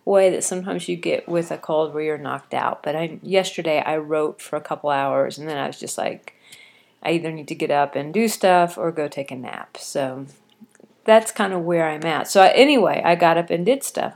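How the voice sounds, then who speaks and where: Chatty stuffed-up woman with a lowish voice. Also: normal speed, gravelly, darkish tone. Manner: chatty and rambling, with frequent restarts. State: stuffed up with a cold. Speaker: quilting podcaster. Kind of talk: casual audio diary. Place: home, sitting on a couch.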